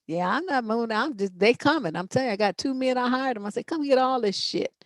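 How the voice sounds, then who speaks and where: A woman's voice: on the high side, animated, fast talker, no room sound. A middle-aged woman hosting a relationship advice show, giving blunt, profane, emphatic answers in unscripted chat.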